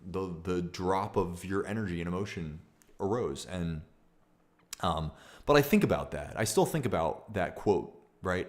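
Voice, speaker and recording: A man's voice: low voice, expressive, measured pace. A young man streaming casually, talking in a rambling, candid way with many restarts and fillers. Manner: reads viewer comments aloud. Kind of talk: casual livestream talk.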